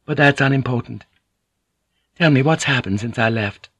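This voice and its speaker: A man voicing a kind, anxious young noble wife who speaks softly and earnestly. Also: medium pitch, normal speed, husky, no room sound, clean studio sound, pitched above the performer's own voice. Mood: confiding.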